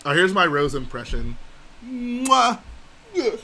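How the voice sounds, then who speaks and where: A man's voice: a little high, moderate pace, a bit bright, a little hiss or hum. A man hosting a casual live stream, chatting and reading viewer comments aloud and answering them. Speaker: livestream host.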